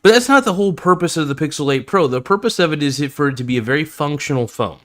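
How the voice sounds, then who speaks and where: A man's voice: fairly high pitch, expressive, fast talker, fairly bright tone. A man hosting a live-streamed phone review, talking casually with lots of fillers, restarts and enthusiastic asides. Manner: enthusiastic fan, easily impressed.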